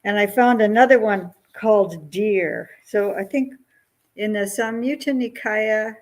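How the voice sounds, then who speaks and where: A Buddhist nun giving a dharma talk, who hesitates, searches for words and laughs lightly. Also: female voice, mid-range voice, measured pace, a little mellow, low-quality recording.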